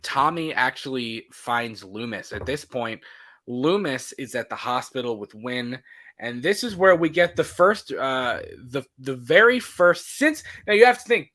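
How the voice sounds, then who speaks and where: A man's voice: mid-range voice, bright, forceful tone. A man co-hosting a movie podcast, talking casually, laughing often and acting out characters' lines. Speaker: podcast co-host.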